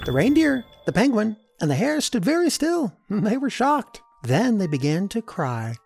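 A woman reading a children's storybook aloud in an expressive, animated way. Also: medium pitch, normal speed, creaky, hardly any pauses, breathy edge, faint music behind. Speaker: storybook reader. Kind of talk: children's read-aloud narration.

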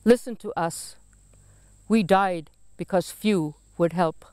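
A woman's voice: lowish voice, slow, darkish tone, smooth, no room sound, studio quality. A woman voicing a chorus of dead famine souls, chanting a repetitive, accusing lament in a poetry reading. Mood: mournful chant.

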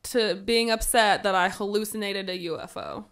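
A woman podcast host telling a funny personal story in a casual, animated way, acting out her younger self's lines. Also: mid-range voice, normal speed.

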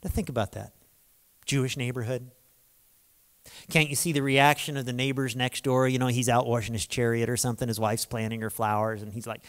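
A man preaching a sermon as a lively storyteller, acting out dialogue with humorous asides. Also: medium pitch, fairly quick. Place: large lecture hall. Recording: long hall reverb.

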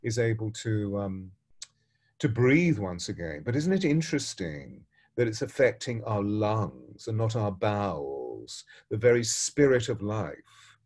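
A man, a spiritual teacher, tells a parable and gives a spiritual talk in an expressive, dramatic way, shifting his pace and loudness. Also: fairly low pitch, measured pace.

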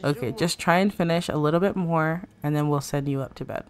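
A young woman chatting excitedly through a life-simulation game, talking to her viewers in a slangy, casual way. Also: low voice, fairly quick. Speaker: let's play creator. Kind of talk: casual gameplay commentary.

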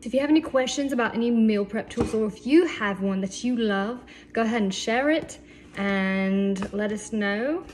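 A woman with a fairly high-pitched voice speaks at normal speed while casually demonstrating meal prep tools in her home kitchen. She's chatty, enthusiastic, and tosses in playful asides, though the clip has loud background noise.

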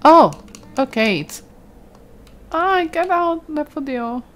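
A woman's voice: sits high, animated. Chatty woman streamer. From Brazil. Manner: chatty, quick to exclaim, reads chat aloud. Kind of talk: casual gameplay commentary.

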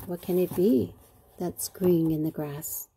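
A woman's voice: fairly low pitch, fairly even intonation, gravelly, dark tone, slight background noise. A woman teacher reading a picture book aloud to children and asking them questions as she goes. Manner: asks children questions, slow and patient.

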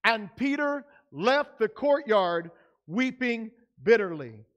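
Male pastor with a high-pitched voice, preaching conversationally in church. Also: sing-song, takes it slowly, a bit bright, dull audio. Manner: conversational preaching with frequent fillers. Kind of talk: sermon. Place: church sanctuary.

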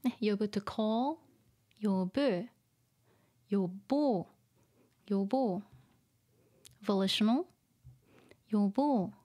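A woman teaching vocabulary through a manga, explaining slowly, repeating words and laughing often. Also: medium pitch, warm tone. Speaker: Japanese teacher. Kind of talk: manga reading lesson.

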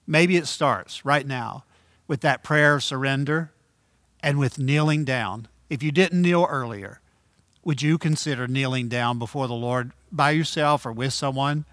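A middle-aged male pastor delivering an earnest sermon in a medium-pitched voice. He repeats key phrases and slows down to land his points. The sound is close and dry, with little room echo. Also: a bit bright. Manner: earnest preaching with repeated phrases and slowed emphasis.

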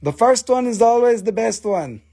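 A man selling minerals on a live stream, talking casually and excitably to viewers, swearing and joking as he shows each piece. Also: extremely high pitch, moderate pace, creaky. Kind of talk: casual live-sale patter.

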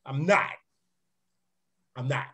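A man with a raspy voice gives a live-streamed motivational business presentation, energetic and chatty, often checking in with his listeners. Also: mid-range voice, slow. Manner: energetic, conversational, often asks "right?"; repeats words and restarts sentences. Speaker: real estate presenter.

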